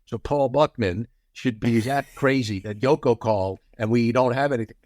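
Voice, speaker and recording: A man in his sixties telling show-business anecdotes as a guest, animated and often acting out quotes. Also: mid-range voice, moderate pace, dry recording, studio quality. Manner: lively storyteller, acts out quotes.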